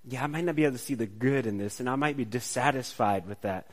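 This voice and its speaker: A man's voice: medium pitch, quick pace. A man preaching a sermon in a conversational way, often asking "right?" and restarting phrases. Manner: casual, checks in with listeners by asking "right?"; restarts phrases, shifts from soft to emphatic.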